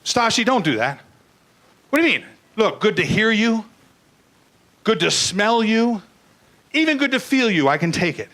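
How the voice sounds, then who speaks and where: A man's voice: high voice, big pitch swings, normal speed, pauses often, a bit bright, poor audio. An older man doing a crude, blunt stand-up comedy routine, acting out bits in put-on voices.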